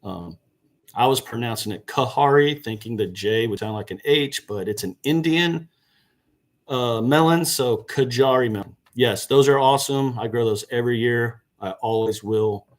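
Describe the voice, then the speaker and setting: During a gardening live stream, the channel's host sits indoors by a seed box and chats casually, fielding viewer questions and fixing his own slips as he goes. He speaks at normal speed with a medium-pitched voice.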